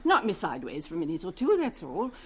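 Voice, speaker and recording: Brisk, plucky mother in her fifties, husky and quick; 1970s TV drama. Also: fairly low pitch, wildly swooping pitch, a bit bright, heavily acted. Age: 50s. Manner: brisk, brushing off fuss. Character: plucky, wry middle-aged mother. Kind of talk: 1970s television police drama.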